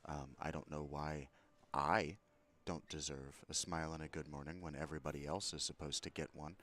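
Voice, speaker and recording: A vlogger with a rumbling low, fairly bright voice retells a confrontation, profane and aggrieved, his anger mounting as he goes.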